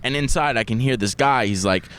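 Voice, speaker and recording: A man co-hosting a podcast, telling a story in a casual, animated way, laughing and swearing freely. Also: medium pitch, a little fast, clear, resonant tone. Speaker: podcast co-host.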